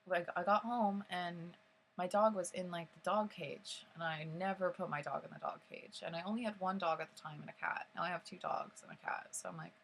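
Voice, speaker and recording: Young woman vlogger, lowish gravelly voice, casual rambling storytime with lots of swearing. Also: steady tone, brisk, a little hiss or hum, rough recording. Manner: rambling, many fillers, frequent swearing.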